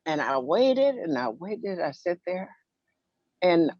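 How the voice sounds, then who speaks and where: Animated woman telling a childhood story. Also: fairly low pitch, slow pace, no room sound. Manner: acts out childhood dialogue, sings a playground rhyme. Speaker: minister and storyteller guest. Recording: dull, dry, muffled sound.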